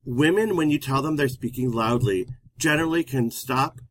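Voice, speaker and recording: A man co-hosting a relationship advice talk, telling stories in an animated, emphatic way. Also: medium pitch, moderate pace, no room sound. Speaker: relationship counselor co-host. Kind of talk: casual advice chat.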